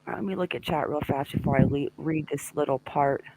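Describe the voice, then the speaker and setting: A woman's voice: sits low, steady tone, a little fast, a little mellow, slight background noise, poor audio. A woman hosting a casual live true-crime discussion, chatting and greeting viewers by name. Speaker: livestream host.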